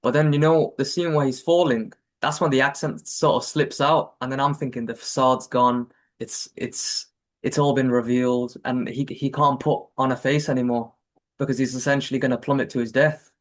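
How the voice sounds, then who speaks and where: Halting male interviewer. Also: medium pitch, fairly even intonation. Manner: halting, questioning, fillers. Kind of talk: casual interview.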